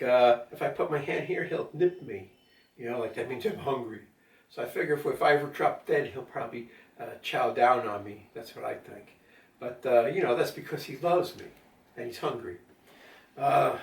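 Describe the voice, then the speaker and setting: An older man talking casually at home in a rambling monologue, with lots of fillers and asides to his cat. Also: mid-range voice. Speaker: vlogger. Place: at home during a power outage. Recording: roomy echo, mic at a distance.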